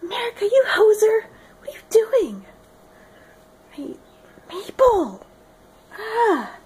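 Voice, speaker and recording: A woman's voice: very high voice, sing-song, takes it slowly, sharp tone, pitched above the performer's own voice, exaggerated voice. A woman voicing a mild young Canadian man who talks breezily and tacks on Canadian slang. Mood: cheerful.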